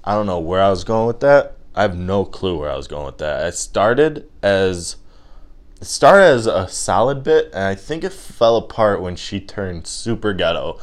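Low voiced guy rambling on his podcast, swears a lot, bouncy up and down delivery. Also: big pitch swings, normal speed. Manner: rambling, profane, self-mocking. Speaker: podcast host. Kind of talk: comedic podcast monologue.

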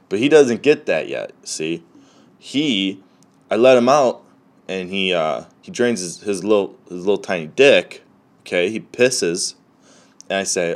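Podcast host, young adult man, low pitch, loose, profane, deadpan storyteller. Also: unhurried, pauses often. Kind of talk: casual podcast chat.

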